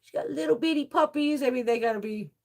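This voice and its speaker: A gravelly, high-voiced middle-aged woman talks fast in a casual beauty vlog chat. She laughs frequently and curses freely while telling animated stories.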